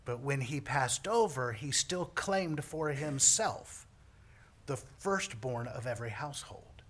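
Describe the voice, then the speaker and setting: Man, priest, sermon, joking asides to the congregation, husky voice. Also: medium pitch, expressive, slow pace, fairly bright tone.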